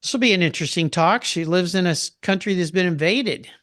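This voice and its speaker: Older man, podcast guest; eager storyteller, slightly high pitch. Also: fast, fairly bright tone, dry recording, clean studio sound. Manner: enthusiastic, storytelling. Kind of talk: casual interview chat.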